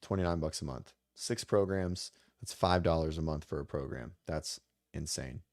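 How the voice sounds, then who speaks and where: A man's voice: rumbling low, moderate pace, darkish tone, dry recording, studio quality. A man who coaches fitness, hosting a casual livestream chat in a loose, rambling way with some mild swearing.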